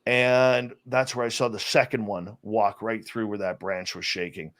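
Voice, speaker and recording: A man, a radio host, speaking as an interview guest and telling a personal story in a lively way, often restarting his sentences. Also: on the low side, normal speed. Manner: animated storyteller with many restarts. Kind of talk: casual storytelling chat.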